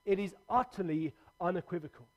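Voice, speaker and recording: A man's voice: sits high, brisk, a little mellow. A man pastor giving a livestreamed church sermon, earnest and conversational with emphatic repetition.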